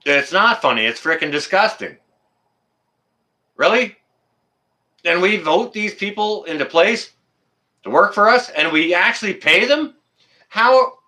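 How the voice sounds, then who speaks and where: Man, livestream host, heated rant, forceful bright tone. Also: high voice, animated, normal speed. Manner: fired-up, swears then apologizes.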